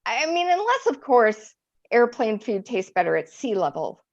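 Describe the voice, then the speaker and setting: A woman's voice: a little high, very animated, normal speed, muffled recording. A woman doing a stand-up set, chatty and self-deprecating, often laughing at her own jokes. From Eastern Europe. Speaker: stand-up comic. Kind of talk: stand-up routine.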